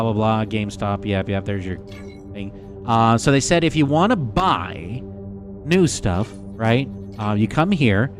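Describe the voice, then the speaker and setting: A man streaming live gameplay, chatting excitedly and casually swearing as he talks to his viewers. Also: mid-range voice. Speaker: game streamer. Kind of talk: live gameplay commentary to chat.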